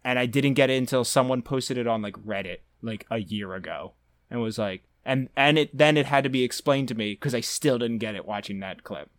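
A young man rambles through stories on a casual podcast, getting animated as he retells scenes. His voice sits at an everyday middle pitch. The sound is dry and close. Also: fairly quick, no echo. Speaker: podcast host.

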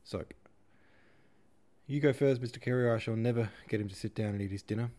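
A man's voice: medium pitch, a little fast, dark tone, natural voice. A man voicing a flamboyant middle-aged father who talks in a grand, theatrical and opinionated way in an audiobook reading. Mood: expansive. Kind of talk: audiobook character voice.

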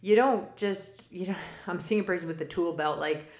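A woman's voice: on the low side, moderate pace, darkish tone. A woman hosting a spiritual forecast podcast, talking casually and rambling off on tangents with frequent laughs. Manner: rambling and digressive; laughs often mid-sentence. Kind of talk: casual spoken monologue. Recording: roomy echo.

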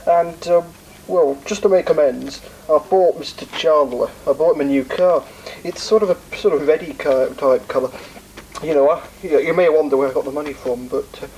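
A man's voice: a little high, darkish tone, a little hiss or hum, natural voice, poor audio. Man doing a bumbling, apologetic car thief. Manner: rambling, hesitant.

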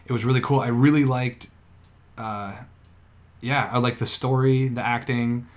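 A man in a loose podcast conversation, spinning a long, profane story with plenty of hedges and restarts. His voice sits at an ordinary middle pitch, neither deep nor high. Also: steady tone, measured pace. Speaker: podcast co-host or guest. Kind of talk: casual podcast chat.

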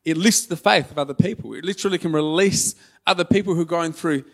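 Emotional man preaching with a gravelly voice. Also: fairly high pitch, quick pace. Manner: earnest, emotional and conversational, with self-deprecating humor. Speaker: pastor. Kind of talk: sermon. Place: church hall.

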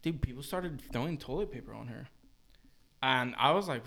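A man's voice: mid-range voice, moderate pace, vocal fry. A young man co-hosting a podcast, telling concert stories in slangy, laughing casual chat. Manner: slangy, laughing, animated storytelling. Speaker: podcast co-host.

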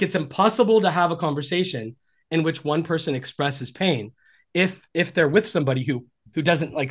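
A man in his forties, a relationship coach talking earnestly and reflectively on a podcast. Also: fairly high pitch. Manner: earnest and reflective, acting out quoted dialogue. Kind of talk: conversational podcast interview.

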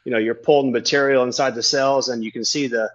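A man's voice: medium pitch, fast talker, lo-fi sound. Rambling man telling stories. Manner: rambling, animated, swears freely. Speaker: tandem skydiving instructor. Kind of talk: casual storytelling chat.

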